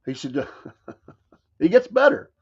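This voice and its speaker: Southern guy doing a morning talk show monologue, kinda high voice, wry mocking asides. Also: sing-song, takes it slowly, husky, lo-fi sound. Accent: Southern American. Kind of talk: casual talk radio monologue.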